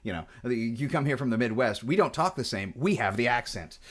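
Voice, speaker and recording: A man's voice: medium pitch, animated, fairly quick, fairly bright tone. A man with a Pacific Northwest accent chatting casually about guitars in a digressive way, full of restarts and fillers. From Washington State. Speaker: guitar vlogger. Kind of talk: rambling casual chat.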